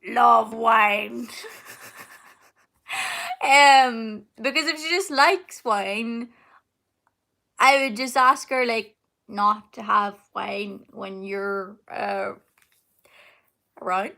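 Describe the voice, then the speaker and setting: A woman's voice: on the high side, very slow, vocal fry, pauses often, bright, forceful tone. A young woman, chatting casually at home while answering comments on a live stream, rambling with lots of fillers and laughs. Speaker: singer hosting a live Q&A. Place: home, indoors.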